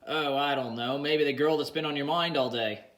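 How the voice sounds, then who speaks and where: A man voicing a boozy, cheeky male drinking buddy who jokes around loudly, in an audiobook reading. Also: on the high side, normal speed, natural voice. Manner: jokey, slangy, loud and boisterous.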